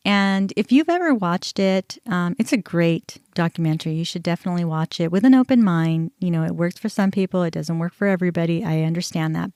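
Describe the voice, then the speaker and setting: A woman in her forties hosts a podcast and talks through a personal story in an open, conversational way, filling her sentences with casual asides. Her voice sits fairly low and sounds smooth and clear. The recording is close and dry, with no room sound. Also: a little mellow, no echo. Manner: candid, conversational, many "you know" and "like" fillers. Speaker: podcast host.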